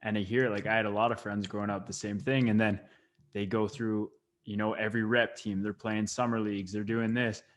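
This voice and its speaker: A man hosting a podcast, chatting in an even, relaxed way. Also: on the low side, brisk. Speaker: podcast host. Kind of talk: casual podcast chat.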